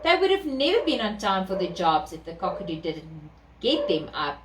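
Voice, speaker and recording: A woman with a South African accent reading an animal story to children in an animated way. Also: medium pitch, background noise. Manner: animated, slow, sing-song. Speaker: children's storyteller at a therapy centre. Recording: echoey room, distant mic.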